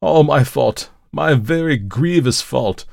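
A distraught old priest, anguished and full of remorse, cries out in a raised, strained voice, as a hoarse storyteller puts him on. His tone is pitched well above the narration, with a dry, close sound. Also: lively intonation, a little fast, dry recording. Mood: remorseful.

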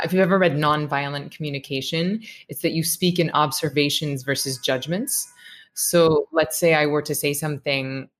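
A woman in her thirties, a meditation teacher, talking reflectively and earnestly as a podcast guest. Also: deep voice. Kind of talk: podcast interview.

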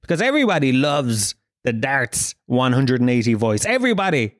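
A young Irish man rattles through a comic podcast monologue, swearing freely and wandering from joke to joke. His voice sits at an ordinary middle pitch, recorded close and dry with no room sound. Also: very animated, moderate pace, dry recording. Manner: rambling, profane, jokey storytelling. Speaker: podcast host.

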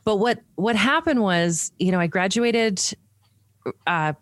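A woman's voice: medium pitch, takes it slowly, dry recording. A middle-aged woman from Canada, a PR professional and podcast host, talking candidly and animatedly as an interview guest. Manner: animated, candid, frequent restarts and laughs. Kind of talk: conversational interview.

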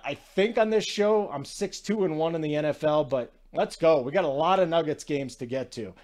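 Brief: chatty male sports betting host, slightly high-pitched, energetic and rambling. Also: normal speed. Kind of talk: casual sports talk.

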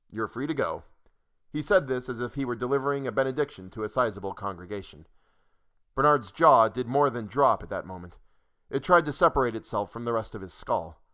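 A man narrating a short story in a measured, dry reading voice. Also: mid-range voice, a bit bright.

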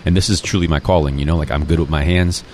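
A man in his forties, a restaurant owner, talking about his path in a relaxed, reflective casual interview, with many fillers. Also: rumbling low, fast talker, a little hiss or hum.

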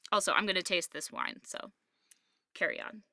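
Woman, podcast co-host, casual chat, chatty, knowledgeable, fillers, clear voice, dry sound. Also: medium pitch, normal speed, bright, forceful tone, dry recording. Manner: chatty, frequent "um" and "like", knowledgeable about wine. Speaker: podcast co-host discussing wine and film.

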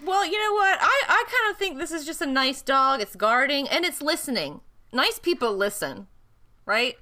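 A woman with a high, bright voice that bounces all over the place, playful and quick to giggle. She banters casually as a podcast co-host, teasing and joking. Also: expressive. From Appalachia. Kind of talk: casual chat.

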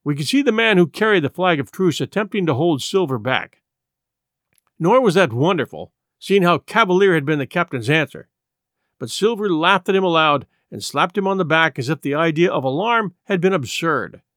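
A man narrating an adventure novel in expressive scripted storytelling. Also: on the high side, moderate pace, dry recording, studio quality. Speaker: audiobook narrator.

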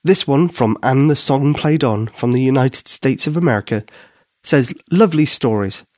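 A man's voice: medium pitch, normal speed, a little mellow, no echo, studio quality. A man narrating a children's bedtime story and hosting a podcast, in a soothing voice.

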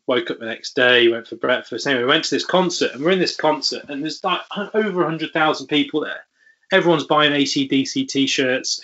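A man's voice: medium pitch, sharp tone, dull audio. A man, a podcast guest, telling stories in a rambling way with many fillers. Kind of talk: casual storytelling interview.

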